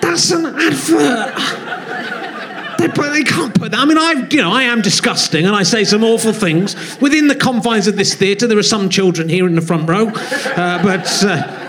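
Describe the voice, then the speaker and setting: A man hosts a comedy podcast in front of a live theatre audience. His voice sits fairly high, and he rambles through self-mocking jokes in a loose stand-up style. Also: fairly quick, a bit bright.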